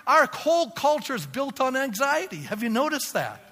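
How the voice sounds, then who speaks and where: A man preaching a sermon as pastor, emphatic and building to shouts, calling for amens from the congregation. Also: very high voice, sing-song, moderate pace, big-room sound.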